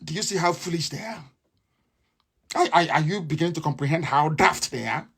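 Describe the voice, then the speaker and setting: A man's voice: fairly high pitch, a little fast, vocal fry, a bit bright, husky. Fiery man broadcasting. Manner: impassioned, repetitive, mocking. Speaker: radio broadcaster. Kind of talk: live radio broadcast monologue.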